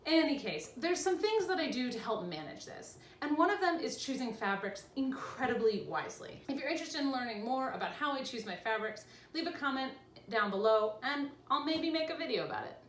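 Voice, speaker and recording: A young woman talks to the camera from home in a chatty, good-humored way, her voice riding high and swooping up and down. The room around her rings with echo, and faint household noise sits underneath. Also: brisk, distant mic. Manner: chatty, animated, laughs easily. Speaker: vlogger. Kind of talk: casual explanatory vlog. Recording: echoey room with faint ambience.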